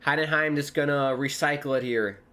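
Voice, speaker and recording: Excitable young American male streamer, slightly high voice, live match watchalong commentary. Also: a little fast. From United States. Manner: excitable, exclaims loudly at big moments.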